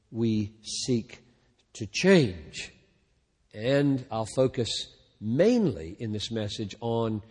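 A man preaching a sermon in a slow, deliberate way, swelling loud on key words and then falling almost to a hush at the ends of phrases. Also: medium pitch, breathy edge, long reverb tail. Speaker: pastor.

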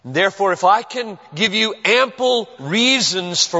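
A male pastor preaching a sermon in a church, earnest and emphatic, with dramatic pauses. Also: sits high, expressive, pushed and bright. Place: church sanctuary. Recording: dull recording with long hall reverb.

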